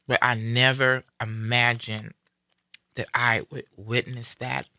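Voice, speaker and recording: Bright-voiced man hosting a candid live stream. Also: mid-range voice, slow pace, no echo, studio quality. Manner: earnest, reflective, animated when quoting others. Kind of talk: candid personal storytelling.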